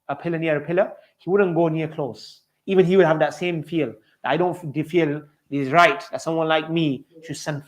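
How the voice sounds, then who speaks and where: Fast-talking male preacher telling stories. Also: high-pitched. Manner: storytelling, addresses listeners as dear brothers. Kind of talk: sermon.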